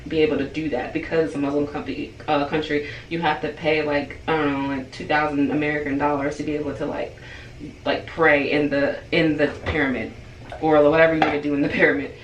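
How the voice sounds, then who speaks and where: A woman's voice: sits low, level tone, a little fast, recorded from a distance, dull audio. A woman tells a casual vlog storytime in a chatty flow, leaning on "like" and slipping into the voices of the people in it. She sits back from the mic in a roomy space, with a faint hiss of noise behind her. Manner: chatty, heavy use of "like", acts out quoted dialogue. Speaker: beauty vlogger.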